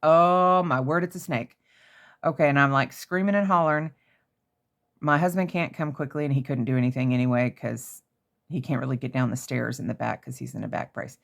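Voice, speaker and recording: A woman from Oklahoma with a low-pitched voice, talking casually in her craft room. She tells stories in an animated, excitable way and often jumps up into shrieky high notes. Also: brisk, vocal fry. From Oklahoma, USA. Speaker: crafter showing handmade pieces. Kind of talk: casual storytelling vlog.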